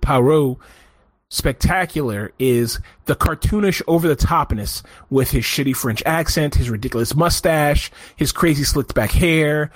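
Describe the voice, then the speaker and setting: In animated, rambling podcast talk about a movie review, this co-host keeps restarting his sentences. His voice is a little high, and the recording has no room sound.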